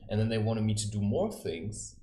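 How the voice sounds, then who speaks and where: This man's voice sits lowish and sounds dark, moving at a moderate pace. Calling himself a spiritual adviser, he rambles casually through his advice, telling anecdotes and performing the lines of the people in them, all captured with a roomy echo.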